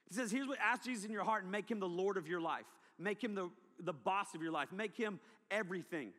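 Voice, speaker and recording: A man preaching a testimony sermon, telling his story with animated delivery. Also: high-pitched, fast talker, hardly any pauses. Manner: animated storytelling, acting out past self. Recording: long hall reverb.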